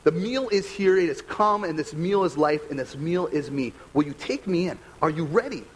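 Jesus in a sermon retelling, calling out to a crowd with eager, coaxing questions, as a male preacher puts him on. The voice sits a touch high and swings lively up and down. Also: normal speed, slight background noise, natural voice, rough recording. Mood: inviting. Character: Jesus as a preacher, inviting and earnest.

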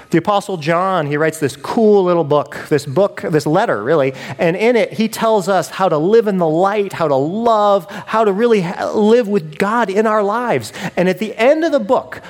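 A male pastor delivering a sermon in a relaxed, conversational manner, dropping in casual asides. His voice sits a little high for a man and swings widely in pitch as he preaches.

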